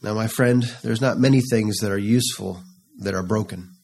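A man preaching a sermon, reading scripture slowly and rising into fervent, pleading passages. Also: fairly low pitch, vocal fry, a little mellow, husky. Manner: slow, rising to fervent pleading in quoted psalms.

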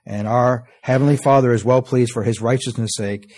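A man delivers an earnest sermon in a warm, mellow voice of middle pitch. He slows to stress each word when reading scripture and lets his phrase ends sink low and quiet. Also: fairly even intonation. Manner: earnest, often trailing off softly at phrase ends; reads scripture in slow, stressed King James cadence. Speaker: preacher.

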